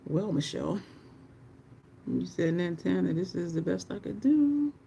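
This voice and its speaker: A woman's voice: fairly low pitch, very animated, normal speed, creaky, dark tone, a little hiss or hum. Chatty, laughing woman doing makeup live. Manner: chatty, profane, laughs often, talks to chat. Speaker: makeup livestreamer. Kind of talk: casual livestream chat while doing makeup.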